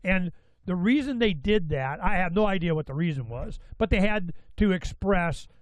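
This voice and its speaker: A man hosting a talk show, rambling in an excitable way with many restarts and asides. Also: high-pitched, moderate pace, dry recording, poor audio. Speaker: radio show host. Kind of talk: casual talk-show monologue.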